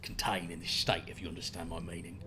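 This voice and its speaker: A man voicing a gruff, worried castle servant in a game, dark and low. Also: flat delivery, fast talker, over music, close to an everyday voice.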